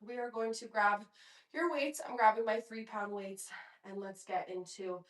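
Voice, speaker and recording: This pilates instructor, a young woman with a medium-pitched voice and fairly even intonation, runs a home workout at normal speed. She counts reps, cheers people on between breaths, and drops in chatty asides as she guides the exercises. The room is echoey and she is well off-mic.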